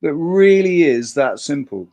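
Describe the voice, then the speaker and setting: A man's voice: fairly high pitch, sing-song, unhurried, creaky, a little mellow. A man hosting a casual livestream chat, talking emphatically in a rambling way and swearing freely. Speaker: host.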